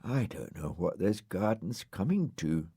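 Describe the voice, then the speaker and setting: A sulky, self-important dog grumbles in a grand, aggrieved tone, as a man puts him on. The storybook voice swings widely in pitch and takes its time. The sound is close and dry. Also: sing-song, measured pace, mellow, slightly rough, no room sound, heavily acted. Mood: huffy. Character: grumpy huffy pompous male dog. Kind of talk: audiobook character voice.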